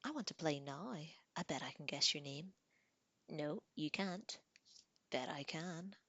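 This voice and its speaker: A woman's voice: low-pitched, unhurried, bright, forceful tone, no echo, dull audio, exaggerated voice. A woman voicing a playful, confident young woman who talks in a coaxing, teasing way, as in an audiobook reading.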